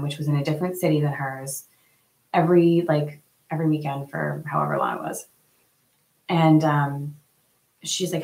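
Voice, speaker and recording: A woman's voice: sits low, animated, normal speed, a little mellow, echoey room, rough recording. A woman hosting a casual live talk to her viewers, earnest and chatty with plenty of fillers. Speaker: host.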